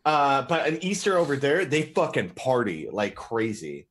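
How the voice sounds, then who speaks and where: A man's voice: medium pitch, sing-song, fairly bright tone. An American man in casual stream chat, telling rambling stories and laughing easily. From United States. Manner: rambling storyteller, quick to laugh.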